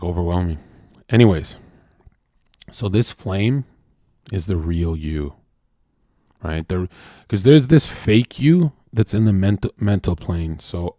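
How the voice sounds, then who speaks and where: A man streaming a brash, profane rant to his chat, swinging from loud shouts to low murmurs. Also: no room sound, studio quality.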